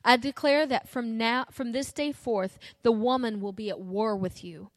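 A woman voicing a stern, grieving male God who makes loud, commanding declarations. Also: on the high side, moderate pace, no echo, close to an everyday voice. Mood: thundering.

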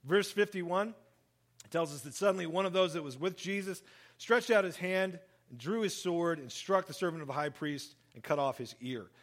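A man preaching a sermon, reading scripture and explaining it in an animated way, acting out the quoted speech. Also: moderate pace. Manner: animated, acts out quoted speech, lively shifts in pitch and volume. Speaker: pastor. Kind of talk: sermon, Bible reading and commentary.

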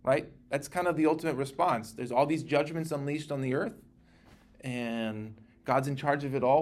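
A man teaching a casual Bible class, talking in a conversational, animated way and acting out the scripture he quotes. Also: medium pitch, moderate pace.

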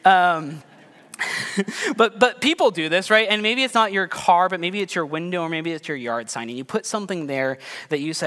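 A man's voice: high-pitched, animated, moderate pace, pushed and bright. A man in his thirties preaching a sermon in a casual, conversational way, with self-deprecating stories about his family. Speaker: pastor. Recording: long hall reverb.

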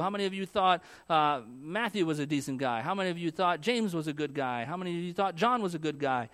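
Man, young adult pastor, conversational sermon, slightly higher voice, asks the crowd questions.

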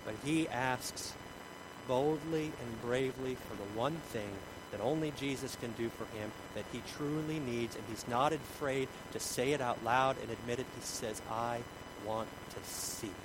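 A man preaching a sermon, shifting from shouts to hushed tones. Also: medium pitch, normal speed, background noise.

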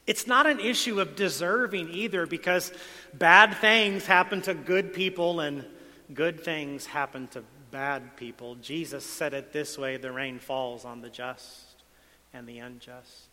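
A male pastor preaching a sermon, swinging between quiet asides and loud emphatic lines. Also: on the high side, unhurried. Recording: long hall reverb.

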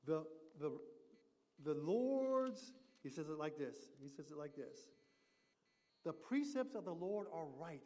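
A man preaching a sermon, emphatic, swinging between loud declarations and hushed asides. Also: high voice, animated, slow, big-room sound. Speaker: pastor.

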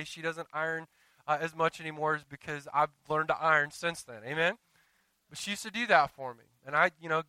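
A man's voice: sits high, sharp tone, clear, resonant tone, no room sound, poor audio. A middle-aged man, a pastor preaching a sermon, telling stories and turning to the congregation with asides.

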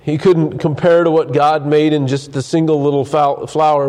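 A man preaches a sermon in a mellow, slightly high voice. He talks earnestly, with many restarts, and stops to read scripture aloud. His voice is wearing thin. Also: little pitch movement, normal speed, few pauses. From United States. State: losing his voice. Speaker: pastor.

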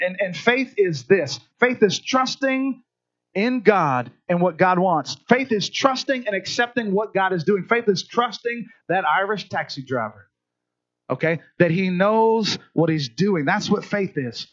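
A man's voice: high-pitched, animated, unhurried, a bit bright, highs cut off. A man preaching a sermon as pastor, talking conversationally to the congregation, often checking in with "right?" and stumbling over restarts.

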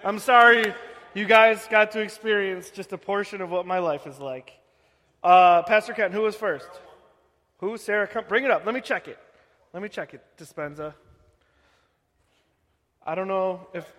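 A man in his thirties giving a joking, animated sermon to a congregation in a church hall. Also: high-pitched, measured pace, long pauses. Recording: echoey hall.

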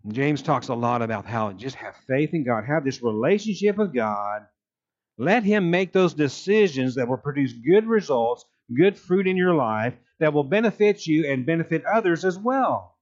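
A man's voice: fairly high pitch, animated, normal speed, darkish tone, highs cut off. An older man preaching a sermon as a pastor, telling a story earnestly and voicing the characters' lines. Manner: storytelling, earnest, with voiced quotes.

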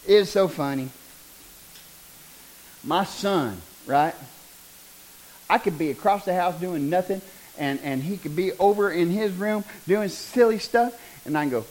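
Animated, high-pitched preaching man. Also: rough recording. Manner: animated, joking, preaching with rising bursts and laughter. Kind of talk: sermon.

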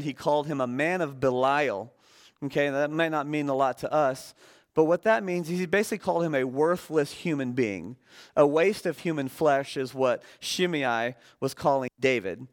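A man preaching as a guest speaker in a relaxed, conversational sermon, joking with the congregation and using many fillers. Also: on the high side. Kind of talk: casual sermon.

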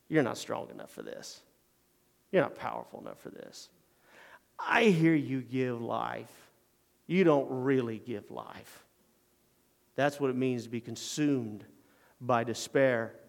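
A man preaching a sermon in a church. He swings from quiet, low passages to loud, emphatic ones. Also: in a large hall. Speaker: pastor.

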